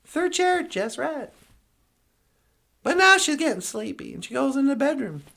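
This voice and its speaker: A woman's voice: high-pitched, very animated, unhurried, creaky, fairly bright tone. A woman podcast co-host telling a fairy tale in a playful, rambling, casual way. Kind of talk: casual storytelling.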